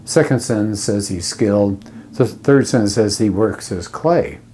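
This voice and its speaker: A man with a low, husky, mellow voice gives a relaxed classroom lecture on writing. He talks conversationally, reading out example sentences and explaining them one by one. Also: measured pace. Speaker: English teacher.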